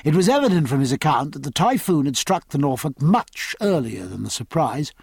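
A man narrating a novel aloud in an expressive, measured storytelling manner. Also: a little high, creaky, husky, no room sound. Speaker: audiobook narrator. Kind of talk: scripted narration.

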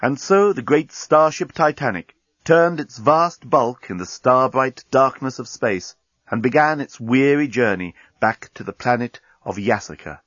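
A man's voice: medium pitch, lively intonation, a little slow, fairly bright tone, no room sound, dull audio. A man narrating an audiobook in a dry, wry manner.

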